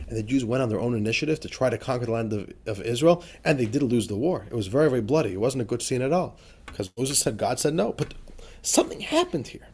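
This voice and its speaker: A man's voice: medium pitch, expressive, fast, darkish tone, slightly rough. A rabbi teaching a class on a religious text, chatty and informal, often asking his listeners rhetorical questions. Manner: chatty and informal, with frequent fillers like "right?" and "you know". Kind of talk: explanatory lesson on a religious text.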